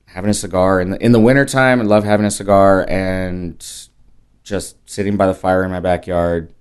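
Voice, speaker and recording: Man in his 40s, low-pitched, loose and rambling, podcast guest. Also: normal speed, clear, resonant tone. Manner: relaxed, rambling, frequent fillers and restarts. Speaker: podcast guest, whiskey brand rep. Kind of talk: casual chat.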